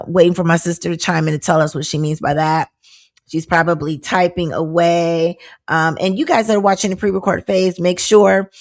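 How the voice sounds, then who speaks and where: A woman hosts her own live talk show, scanning viewer comments as she goes. Her voice sits slightly low, and her talk is loose and exclamatory, broken by easy laughs. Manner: chatty, laughs often, exclamatory asides. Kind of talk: live-stream chat reading viewer comments.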